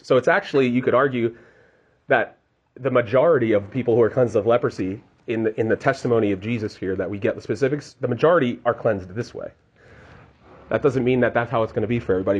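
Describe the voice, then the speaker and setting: A man's voice: medium pitch, a little mellow, lo-fi sound, slight background noise. A man giving casual devotional teaching as a preacher, earnest and conversational, often restarting his sentences.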